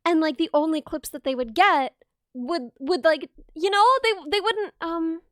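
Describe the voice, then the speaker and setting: A woman hosting a casual stream, chatting and teasing her guest with quick deadpan quips. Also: extremely high pitch, dry recording, clean studio sound. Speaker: streamer host.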